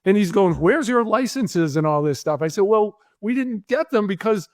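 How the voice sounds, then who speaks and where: A man with a fairly high voice tells an animated story in a podcast interview. He jumps into the voices of the people in his story. The sound is close and dry. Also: normal speed, no echo. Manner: animated anecdote-telling, acting out quoted voices. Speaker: guest, filmmaker.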